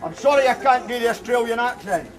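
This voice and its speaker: A high-voiced Scottish man with a local Angus accent addresses a crowd outdoors, his delivery plain and halting, full of fillers and restarts. He sounds set back from the microphone, with street traffic rumbling clearly behind him. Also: expressive. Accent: Scottish, Angus (Kirriemuir). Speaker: community councillor giving a speech. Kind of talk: public speech at an outdoor unveiling, then reading a letter aloud. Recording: distant outdoor recording with traffic noise.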